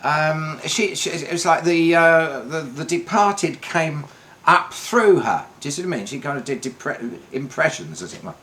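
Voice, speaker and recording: An older man telling a rambling one-man comedy monologue on stage, halting and restarting often. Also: on the high side, expressive, a bit bright, slight background noise. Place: theatre stage.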